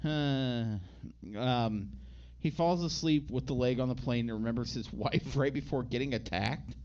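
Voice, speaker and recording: A man's voice: medium pitch, measured pace, darkish tone, muffled recording, a little hiss or hum. A man co-hosting a podcast, recapping a movie in a rambling, casual way and acting out the characters' lines. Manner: rambling, acts out quotes in put-on voices. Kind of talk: casual chat.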